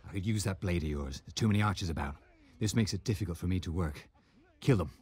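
A man's voice: deep voice, fast talker, darkish tone, breathy edge, no room sound. A man voicing a cold male informer in a game, bluntly ordering killings. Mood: commanding. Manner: blunt, commanding. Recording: game audio over crowd noise.

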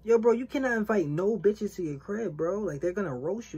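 Woman, reaction host, very husky voice, lively swooping delivery, casual slang-heavy roasting. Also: mid-range voice, brisk. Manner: profane, joking roast with street slang; acts out imagined dialogue.

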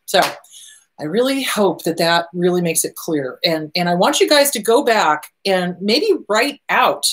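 Hosting a talk on relationship advice, a middle-aged woman responds to questions from viewers in a lowish, expressive voice at a slightly slow pace. Her manner is emphatic, and she hammers home points by saying key phrases again.

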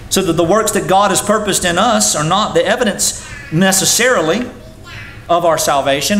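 A man preaching a sermon as a pastor. His voice climbs and falls sharply as he preaches. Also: a bit bright. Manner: preaching with sudden rises and drops in pitch. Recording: echoey room sound with faint noise.

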